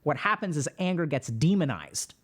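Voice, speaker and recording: A calm man reads a viewer's post aloud on his stream, then talks it through in an explaining, reflective tone. His voice sits a little high for a man. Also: normal speed, husky. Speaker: host. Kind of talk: reading and commenting on a viewer post.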